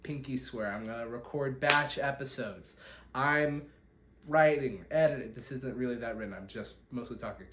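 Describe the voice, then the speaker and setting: A man's voice: medium pitch, normal speed, fairly bright tone. A young man hosting a solo podcast, rambling and self-deprecating as he catches viewers up, recorded on a phone. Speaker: podcast host. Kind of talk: solo catch-up vlog talk. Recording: echoey room, faint background hiss.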